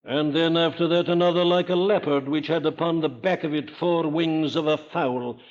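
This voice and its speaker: An older Welshman with a Welsh accent preaches an emphatic sermon, posing rhetorical questions and building to forceful declarations. His fairly high voice holds a steady tone at a moderate pace, captured on a dull lo-fi archival recording.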